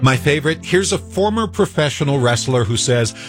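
A man's voice: mid-range voice, expressive, brisk, music in the background. A man delivering a wry, conversational radio commentary segment.

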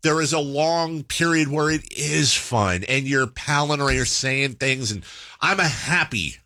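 A man's voice: mid-range voice, lively intonation, measured pace, sharp tone, dry recording. A man hosting a podcast, telling a story in a rambling, casual way, often stopping to correct himself. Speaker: podcast host.

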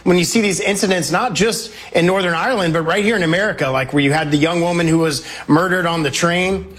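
Emphatic congressman with slightly high voice. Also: fast, a bit bright. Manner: emphatic, confident talking points. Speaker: congressman, guest. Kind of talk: political interview.

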